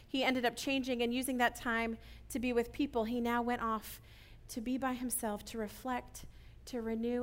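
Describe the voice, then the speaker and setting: A woman preaching an earnest sermon, often checking in with listeners with a quick "right?". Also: on the high side, a bit bright, clean tone.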